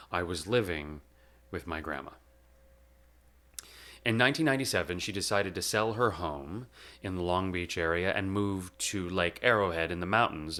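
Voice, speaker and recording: Young male host, deep and bright-toned, reading a heartfelt eulogy with deliberate pauses. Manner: measured and reflective, with slow emphatic pauses. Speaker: podcast host. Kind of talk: delivering a spoken eulogy.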